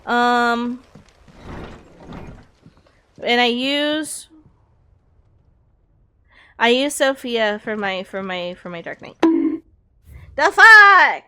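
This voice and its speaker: A woman's voice: on the high side, very slow, long pauses, fairly bright tone, smooth. A young woman streaming a video game, chatting casually and reading in-game text aloud, often correcting herself and laughing.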